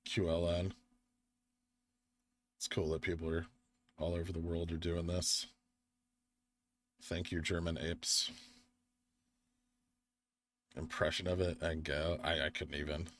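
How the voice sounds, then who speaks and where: A young American man with a very low voice hosts a live stream. He sounds tired and talks in a loose, rambling way, answering the chat as he goes through the charts. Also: flat delivery, takes it slowly, pauses often, a little hiss or hum. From United States. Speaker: livestream host.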